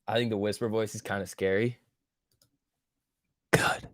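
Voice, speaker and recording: A man's voice: on the low side, little pitch movement, a little slow, a bit bright. Joking, foul-mouthed stock-stream host, a man. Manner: joking, profane, reacting to chat. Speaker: stock market livestream host. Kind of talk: casual livestream chat.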